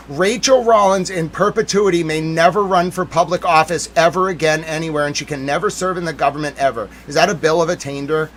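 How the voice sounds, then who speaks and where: A man's voice: fairly high pitch, a little hiss or hum. Man in a theatrical mock-outraged rant. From Massachusetts. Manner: theatrical mock outrage, swinging between loud and muttered. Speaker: livestream host. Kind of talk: ranting live stream commentary.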